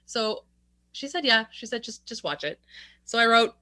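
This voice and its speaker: A woman's voice: medium pitch, moderate pace, sharp tone, no echo. A woman co-hosting a podcast in casual chat, laughing often and poking fun at herself. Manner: laughing, self-deprecating. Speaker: podcast co-host.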